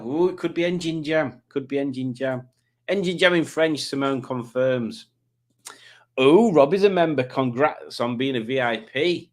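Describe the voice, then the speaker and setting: A man, hosting a live stream, chatting casually and joking as he reads out viewers' comments. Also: medium pitch. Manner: chatty, jokey, does silly voices for commenters.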